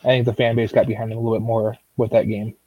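A man's voice: fairly low pitch, little pitch movement, racing, no echo, highs cut off. A man co-hosting a casual sports talk show, loose and a bit sarcastic, rambling as he talks. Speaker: co-host. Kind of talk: casual fantasy football chat.

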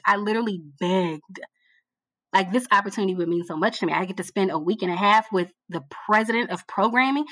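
A woman being interviewed about her work as a TV producer, telling her story in a casual, animated way and repeating phrases for emphasis. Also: medium pitch, no echo. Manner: colloquial, addresses listener as girl. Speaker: guest, TV producer.

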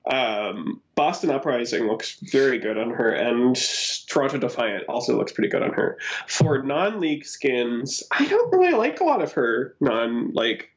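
A man co-hosting a casual gaming chat, enthusiastic and quick to giggle. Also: mid-range voice, very animated. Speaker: podcast co-host. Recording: dull lo-fi sound.

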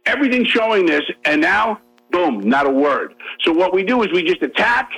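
A man's voice: high-pitched, sing-song, fairly bright tone, breathy edge, low-quality recording. A man arguing his points on a radio talk show, emphatic and repetitive, over a faint music bed. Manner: emphatic, fast-talking, repeats himself. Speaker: guest.

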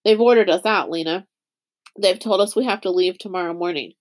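A woman's voice: on the low side, fairly quick, lightly acted. Dune, an earnest young boy, read by a woman.

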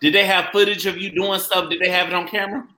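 A man's voice: high voice, steady tone, fast talker, a crowd in the background. A man in a casual podcast chat, blunt and heated, swearing freely. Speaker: podcast co-host. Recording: echoey room with noise.

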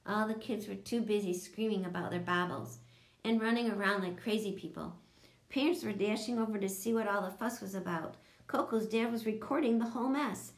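A woman's voice: medium pitch, roomy sound. A woman narrating a children's audiobook, switching into voices for each character.

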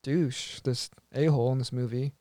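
A man's voice: mid-range voice, fairly even intonation, normal speed, warm tone, no room sound, clean studio sound. A man co-hosting a podcast who gives blunt, emphatic opinions on a movie in casual chat. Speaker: podcast co-host.

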